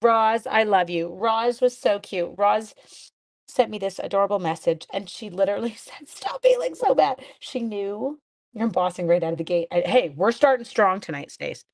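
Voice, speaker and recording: A woman's voice: mid-range voice, normal speed. A woman hosting a casual craft demonstration live stream, chatting with her viewers and reading their comments in a friendly, self-deprecating way.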